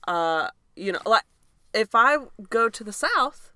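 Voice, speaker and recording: A woman in her thirties from Michigan chats casually as a podcast co-host. Her voice is bright and crisp, her delivery chatty and emphatic, and the sound is close and dry. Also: on the high side, animated, no echo. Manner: chatty, emphatic, quick to agree. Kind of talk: casual chat.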